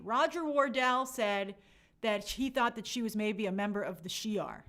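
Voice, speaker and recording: Young woman, live-stream host, chatty and animated, slightly high voice, reads chat comments. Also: normal speed. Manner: chatty, animated, lots of fillers and quoted asides.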